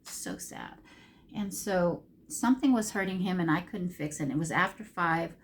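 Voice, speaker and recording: A woman's voice: fairly low pitch, brisk, slight background noise. A middle-aged woman chatting casually while doing her makeup, telling a long rambling story with emotional ups and downs. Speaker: makeup vlogger.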